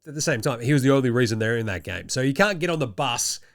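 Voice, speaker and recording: A man's voice: medium pitch, expressive, fast talker. A young Australian man hosting a basketball show, giving casual, jokey commentary and swearing freely.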